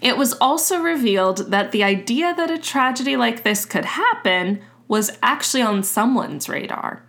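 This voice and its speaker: A woman's voice: on the high side, moderate pace, hardly any pauses. Chatty woman telling a story. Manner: relaxed, chatty, swears casually. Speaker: podcast host. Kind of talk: casual storytelling chat.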